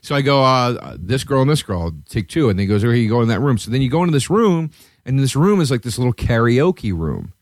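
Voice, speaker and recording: A man hosting a podcast, telling a rambling, profane story in a casual chat and jumping to a high, excited voice at times. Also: quick pace, no room sound, clean studio sound. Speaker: podcast host.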